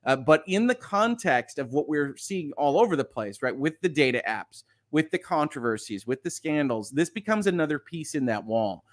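A man's voice: on the high side, animated, normal speed, hardly any pauses, dry recording, studio quality. Man hosting a live news stream. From United States. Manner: hesitant, many fillers and restarts, chuckles often. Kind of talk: live-stream news commentary reading viewer chat.

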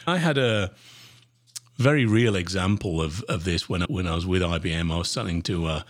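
A man hosting a podcast, giving sales advice in an animated, emphatic coaching manner with sudden pitch jumps. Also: moderate pace. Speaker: sales trainer podcast host. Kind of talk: solo podcast talk.

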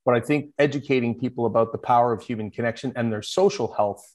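A man's voice: mid-range voice, quick pace, a little mellow. A man as a podcast guest, talking earnestly about the value of connection in casual chat.

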